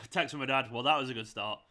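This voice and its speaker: A man hosting a live football watchalong, reacting with exasperation, swearing and shouting at the players. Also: medium pitch, a little fast. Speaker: fan channel host.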